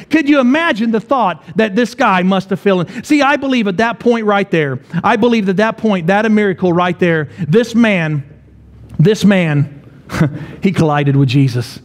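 A man's voice: high voice, moderate pace. A man in his forties preaching a sermon as pastor, telling a story with rhetorical questions and repetition. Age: 40s. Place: church.

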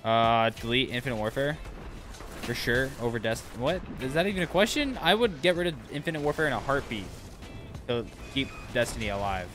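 A man streaming a video game, reacting excitedly to the action and chatting casually with his viewers. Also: mid-range voice, fairly quick, music in the background. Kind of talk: casual livestream commentary.

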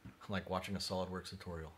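Male streamer, very low voice, muttering narration at the desk, faint room noise behind. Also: flat delivery, quick pace. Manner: mumbly, drifts quiet when concentrating. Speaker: livestreaming maker doing CAD design. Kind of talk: thinking-aloud livestream narration.

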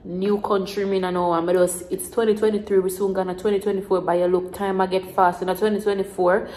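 A woman's voice: mid-range voice, flat delivery, fairly quick, a little mellow, reverberant, poor audio. A Jamaican woman in her twenties rambling in casual mukbang chat to the camera, repeating herself in Creole phrasing. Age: 20s. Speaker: vlogger.

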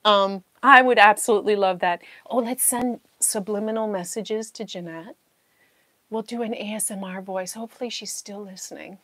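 A woman's voice: medium pitch, moderate pace, sharp tone, dry recording. A woman hosting a casual live-stream puzzle chat, talking to herself as she searches and laughing often. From New Zealand. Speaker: puzzle channel host.

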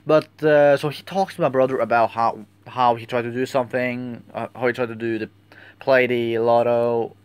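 A young man tells a story in a casual vlog, rambling and halting as he searches for his words. His voice is smooth and clear, and the recording sounds dry and close, with no room echo. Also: mid-range voice, steady tone. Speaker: vlogger.

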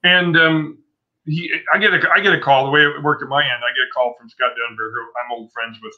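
A comic book artist in his sixties tells stories during a casual interview, rambling and interrupting himself along the way. His medium-pitched voice is steady and fairly quick, and the recording sounds dull and lo-fi.

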